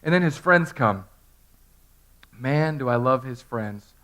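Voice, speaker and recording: A man in his thirties preaching an animated Easter sermon in a church, telling the story with humor and acting out voices. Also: mid-range voice, takes it slowly. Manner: storytelling, acts out characters in funny voices. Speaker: pastor. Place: church sanctuary.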